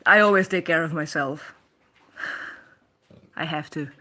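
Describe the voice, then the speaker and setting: A woman's voice: low-pitched, unhurried, sharp tone. A woman with a Dutch accent, chatting casually on her live stream, reading comments aloud and laughing often. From Netherlands. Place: her home.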